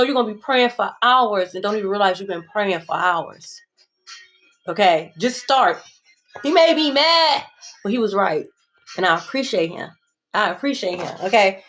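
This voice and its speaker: A woman's voice: on the high side, slight background noise. A young adult woman giving a casual tarot reading monologue, blunt, profane and sassy, repeating phrases for emphasis. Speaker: tarot reader.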